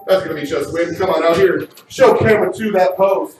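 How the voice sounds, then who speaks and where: A man hosting a live game show, energetic and often shouting, recorded from a distance in an echoey room. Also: high-pitched, a little fast, noisy background.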